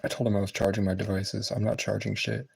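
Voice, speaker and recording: A man's voice: on the low side, little pitch movement, fast talker, creaky, a little mellow, husky, no room sound, low-quality recording. A man livestreaming casually while gaming, muttering to himself and swearing at the game. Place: room in a public building.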